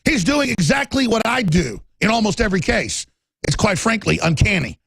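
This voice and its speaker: A man hosting a talk show, delivering a heated, emphatic political monologue and shouting at times. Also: high voice, big pitch swings, normal speed, gravelly, slightly rough, no echo.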